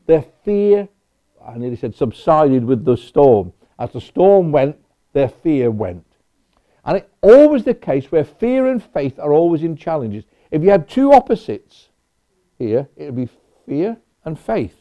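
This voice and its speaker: A man delivers a sermon in an easy, conversational way, dropping personal asides as he goes. His pitch rises and falls a lot. The recording sounds dull and lo-fi. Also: sing-song, unhurried. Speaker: preacher.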